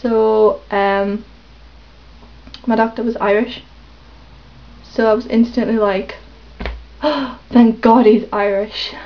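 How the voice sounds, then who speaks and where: A woman rambling hesitantly in a casual confessional vlog, with lots of pauses and ums. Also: on the high side, steady tone. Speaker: vlogger. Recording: dull lo-fi webcam audio.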